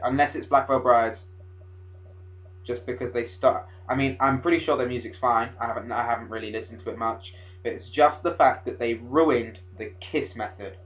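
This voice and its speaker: A teenage man rambling excitably in a casual vlog, with sudden loud outbursts. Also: mid-range voice, lo-fi sound. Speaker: vlogger.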